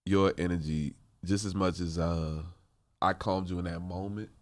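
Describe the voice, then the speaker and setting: A man's voice: low voice, fairly even intonation, moderate pace. A man hosting a podcast, talking in a laid-back, slangy, casual way. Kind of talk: casual chat.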